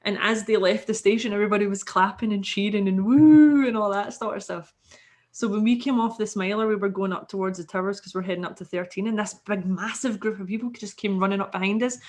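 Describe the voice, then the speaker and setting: A woman's voice: medium pitch, fast, a little mellow. A Scottish woman, a podcast guest, telling a story casually and animatedly, swearing freely and acting out the people she quotes.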